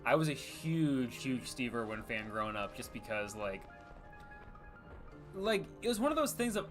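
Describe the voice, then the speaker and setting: A young man streaming a video game and talking off the cuff, his voice pitched around the middle for a man. He wanders from point to point with lots of "like" and "you know", and he is easily amused and often laughs. The talk is loose and unscripted gameplay commentary. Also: sing-song, normal speed, fairly bright tone, faint music behind. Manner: rambling, heavy on "like" fillers. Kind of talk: casual live gameplay commentary.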